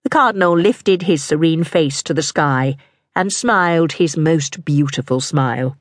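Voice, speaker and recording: A woman's voice: sits low, dry recording. Woman narrating an audiobook, dry close sound. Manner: measured and even. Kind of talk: scripted narration of a historical novel.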